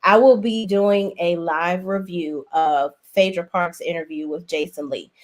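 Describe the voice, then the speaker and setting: A woman's voice: on the low side, fairly even intonation, measured pace. A woman hosting a casual livestream, chatting in a sassy, talkative way and calling her viewers "y'all". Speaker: livestream host.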